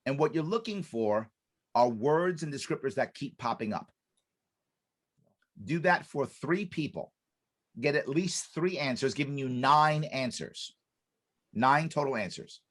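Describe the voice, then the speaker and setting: A man's voice: mid-range voice, normal speed. A man speaking as a podcast guest and business consultant, explaining a method emphatically, repeating key points with restarts. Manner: animated, acts out quoted dialogue.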